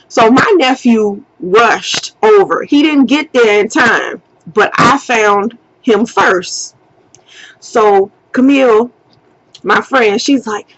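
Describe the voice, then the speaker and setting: A woman tells a heated personal story straight to her camera, unhurried and fairly high-voiced. She swears freely and acts out her own shouting. The sound is dull and lo-fi. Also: expressive, dry recording. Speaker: vlogger. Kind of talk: storytime vlog.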